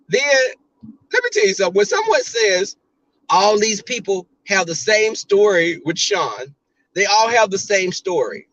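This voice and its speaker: A man's voice: high voice, very animated, unhurried, a bit bright, muffled recording. A man giving blunt, profane casual commentary on a livestream, often mimicking other people.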